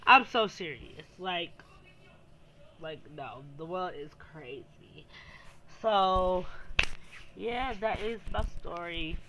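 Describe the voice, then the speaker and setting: A woman's voice: on the low side, slow, long pauses, noisy background. A woman telling a storytime vlog, rambling and filling her speech with "like". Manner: rambling, heavy use of "like" fillers. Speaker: vlogger.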